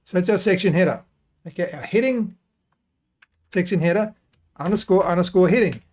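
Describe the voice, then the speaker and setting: A man hosting a software tutorial, talking casually and thinking aloud as he works through each step. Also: sits high, moderate pace. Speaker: web design tutorial host. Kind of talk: screen-recorded software tutorial.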